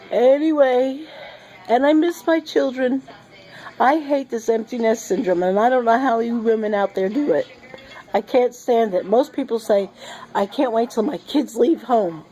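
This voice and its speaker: Sick middle-aged woman, mellow voice, slap-happy rambling vlog chat. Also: fairly high pitch, moderate pace, rough recording. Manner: giddy and rambling, laughing often. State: sick and short of breath. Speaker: vlogger. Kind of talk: casual rambling monologue. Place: sitting at home.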